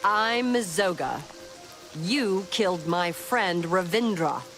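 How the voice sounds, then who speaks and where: Mazoga, a blunt orc knight. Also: female voice, lowish voice, lively intonation, slow, a bit bright, soft background music. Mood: accusing. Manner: plain, simple, blunt speech. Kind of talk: video game voice acting.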